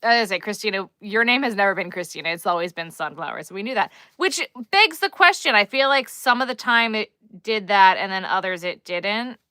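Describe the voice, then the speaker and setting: A woman's voice: medium pitch, animated, a little fast, few pauses, bright, forceful tone, clear, resonant tone, no echo. A woman with a Long Island accent hosting a crochet live stream, chatting casually and thinking aloud as she works and reads the chat.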